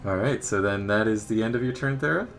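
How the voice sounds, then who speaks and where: A man running a tabletop game as dungeon master, narrating in a relaxed, unhurried way with frequent fillers. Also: lowish voice, vocal fry, soft background music.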